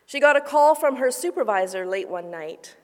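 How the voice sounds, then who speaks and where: A woman pastor preaching a sermon, telling a story with lively asides and hushed, quiet narration. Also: high-pitched, normal speed. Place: church sanctuary. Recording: long reverb of a church hall.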